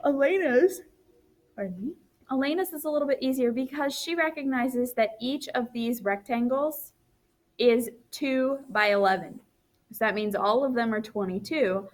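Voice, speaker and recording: A woman's voice: a little high, normal speed. A woman teacher walking through a recorded math lesson, counting aloud as she draws and correcting her own slips, tired and yawning.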